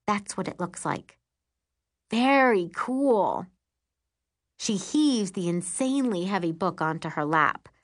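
A woman narrating a first-person audiobook in a lively, expressive storytelling manner. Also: medium pitch.

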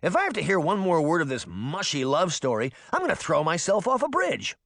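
A bratty boy fairy whines in a high voice, full of scorn and theatrical disgust, as a man puts him on. The sound is dry, with no room around it. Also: huge pitch swings, unhurried, pushed and bright, husky, no room sound, exaggerated voice. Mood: whining. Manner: whiny, scornful.

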